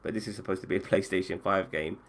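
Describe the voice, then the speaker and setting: A man's voice: sits low, steady tone, fast talker. A man hosting a podcast and running a casual chat about video games, swearing freely and often restarting his sentences. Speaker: podcast host.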